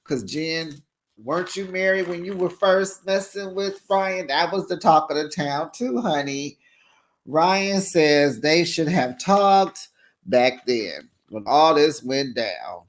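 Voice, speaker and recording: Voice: mid-range voice, expressive, slow. A sassy, gossipy host giving a casual recap of a reality TV episode and talking straight to viewers.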